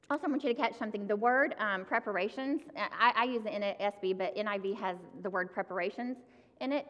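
A woman preacher gives a sermon, addressing the congregation directly in a conversational way. Her mid-range voice has a fairly bright tone, heard through long hall reverb.

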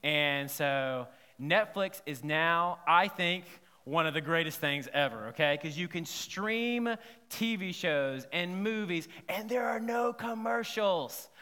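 In a large church sanctuary, a pastor's bright, slightly high voice carries a long reverb as he preaches. He keeps a lively, conversational tone, regularly checking in to see whether his listeners are following along.

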